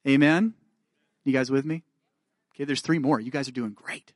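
In a mid-range voice at normal speed, a man preaches a sermon, earnestly asking after his listeners and reading scripture with growing intensity. He also makes self-deprecating asides, and the studio sound is clean with no echo.

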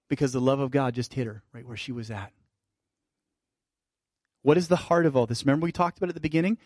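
A male pastor preaching a sermon, shifting between fervent emphasis and soft, intimate asides. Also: mid-range voice, no room sound, studio quality. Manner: preaching with rising fervor, then dropping to soft intimate tones.

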